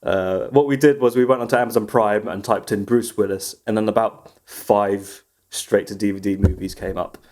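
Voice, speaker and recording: A man's voice: on the low side, fairly even intonation, normal speed, few pauses, darkish tone. A man co-hosting a casual podcast chat, rambling through stories and laughing often. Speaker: podcast co-host.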